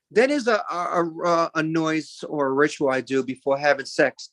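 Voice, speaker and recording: A man's voice: fairly high pitch, moderate pace, few pauses, a bit bright, dry recording. A man in his forties doing a stand-up routine, rambling and chatty, with lots of fillers and asides. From Italian-American. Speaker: stand-up comedian.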